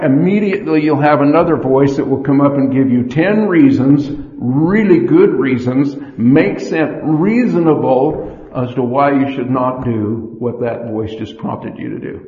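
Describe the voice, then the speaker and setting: A man giving a sermon, measured and storytelling, acting out the inner voices he describes. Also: medium pitch. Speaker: church speaker. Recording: echoey hall, dull lo-fi sound.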